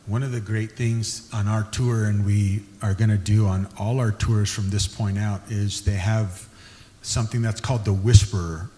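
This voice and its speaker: A man hosting a casual interview conversation, talking in a chatty way and describing himself as someone who can get loud. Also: on the low side, steady tone, normal speed, in a large hall, slight background noise.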